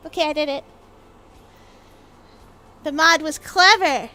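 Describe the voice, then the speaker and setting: A woman's voice: high-pitched, slow pace, long pauses, pushed and bright, a little hiss or hum. A woman streamer chatting playfully and bubbly on a casual live stream.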